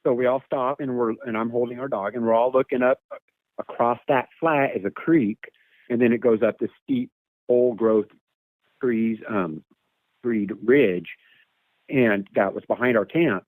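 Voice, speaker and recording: A man's voice: medium pitch, unhurried, darkish tone, no echo. A man telling a long personal story in a casual, rambling way, repeating words and imitating animal calls, over a phone line. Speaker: guest telling an encounter story. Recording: tinny phone line, dry.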